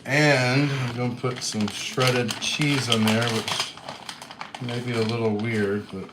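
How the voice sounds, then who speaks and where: Soft-spoken man with a light Kentucky accent. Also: medium pitch, fairly even intonation, slow pace, background noise. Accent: light Western Kentucky. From Western Kentucky. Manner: chatty, reads out viewer comments, soft-spoken. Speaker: livestream host. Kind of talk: casual livestream chat while cooking.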